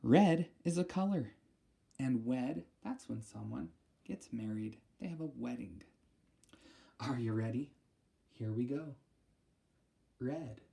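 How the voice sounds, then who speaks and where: A woman speech therapist leading a listening lesson, enunciating each target word slowly and carefully, with a patient, encouraging tone. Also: extremely low pitch, creaky, dark tone. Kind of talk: auditory discrimination lesson for children.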